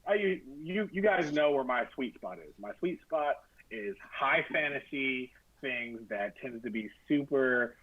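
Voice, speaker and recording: A man's voice: mid-range voice, animated, measured pace. A man running a tabletop game as game master, blunt and teasing in casual talk. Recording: husky tinny phone-like call.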